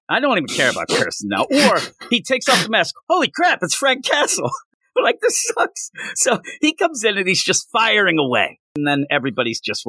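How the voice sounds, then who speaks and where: Sarcastic lively male comic podcaster. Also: mid-range voice, no room sound. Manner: sarcastic, exasperated, mocks lines in put-on voices. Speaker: podcast co-host. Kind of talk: casual comic book review chat.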